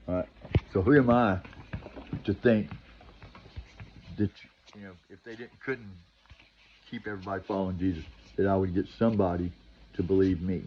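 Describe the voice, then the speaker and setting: A man's voice: deep voice, normal speed, long pauses, a little hiss or hum. An older man talking straight to his viewers in a long, rambling vlog monologue, full of restarts and "you know," ending with preachy advice. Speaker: vlogger. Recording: dull lo-fi recording.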